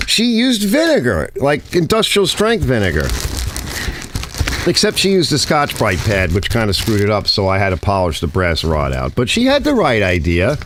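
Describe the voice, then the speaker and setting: A man's voice: mid-range voice, fairly bright tone, a little hiss or hum. A man hosting a garage channel, explaining cleaning chemicals and tools in blunt, casual shop talk with some swearing. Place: home garage workbench. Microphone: close mic he sometimes bumps.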